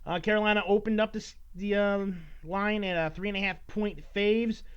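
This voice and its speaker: Podcast guy rambling n cursing, high smooth voice, kinda muffled lo-fi audio. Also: steady tone, normal speed. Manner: rambling, profane, mock-scolding his listeners. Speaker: podcast host. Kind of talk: casual solo podcast monologue. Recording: dull lo-fi recording.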